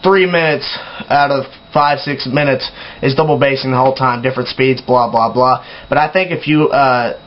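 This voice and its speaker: A young man hosting a casual opinion vlog, talking in an animated, exasperated way with sighs and mock yells. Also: medium pitch, moderate pace, dull audio. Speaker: metal video blogger.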